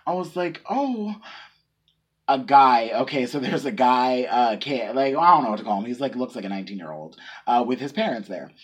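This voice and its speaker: A man co-hosting a podcast, telling a story in a casual, animated way and acting out the people he quotes. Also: mid-range voice, fairly quick, few pauses, breathy edge. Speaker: podcast co-host.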